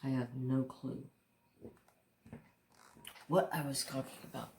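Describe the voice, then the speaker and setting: Slow, steady, and gravelly, this medium-pitched voice is a little mellow, with a bit of hiss or hum and a roomy echo on the recording. It belongs to a crafting-channel host who tells casual, rambling stories at his craft table, speaking candidly, swearing mildly, and often restarting sentences.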